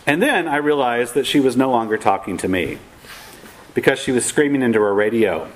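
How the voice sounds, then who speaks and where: Storyteller: middle-aged man, wry and self-deprecating, mid pitch, faint noise behind. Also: normal speed, rough recording. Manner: wry, self-mocking, animated quoting of others. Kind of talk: humorous personal storytelling.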